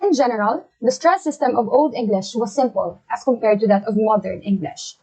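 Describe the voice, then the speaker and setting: A woman student with a slightly high voice presenting a lesson. She reads definitions from her slides in a measured, explanatory way. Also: dark tone, husky, poor audio. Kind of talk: reading a class presentation.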